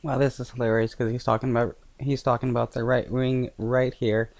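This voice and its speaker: A man reacting to a news clip in casual commentary, scoffing and talking haltingly with many fillers and restarts. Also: medium pitch, little pitch movement, a little mellow, no room sound.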